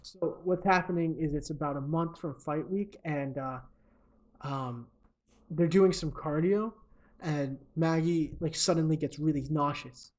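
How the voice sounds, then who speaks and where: A young podcast co-host with a fairly high, darkish voice takes his time retelling a movie for comedic effect, filling it with ums and uhs and chuckling at his own jokes.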